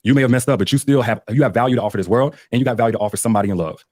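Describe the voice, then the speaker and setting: A man's voice: mid-range voice, rapid-fire, a little mellow, dry recording. A man guest on a podcast, speaking sincerely and confessionally to listeners. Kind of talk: reflective interview talk.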